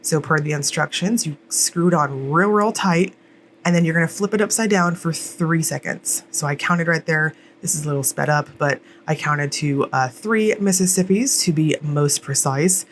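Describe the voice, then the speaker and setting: A woman's voice: sits low, normal speed, a little hiss or hum. A woman chatting casually through a product unboxing, rambling with fillers and poking fun at herself. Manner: jokey, laughs at herself. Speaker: nail polish reviewer.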